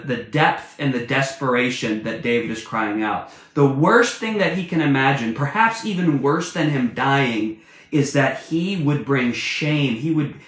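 A man's voice: fairly high pitch, a bit bright. A man preaching a sermon, earnest and emphatic, repeating key phrases for stress. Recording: echoey room.

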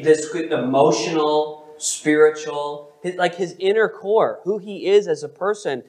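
A pastor preaching a sermon, asking the congregation questions and stressing words expressively. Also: mid-range voice.

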